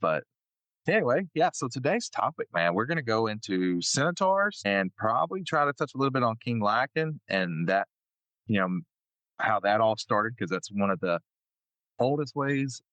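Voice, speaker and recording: A man's voice: mid-range voice, sing-song, moderate pace, fairly bright tone, no echo. A man with a country accent hosting a podcast, easygoing and laid-back. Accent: American country. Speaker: podcast host. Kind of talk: casual chat.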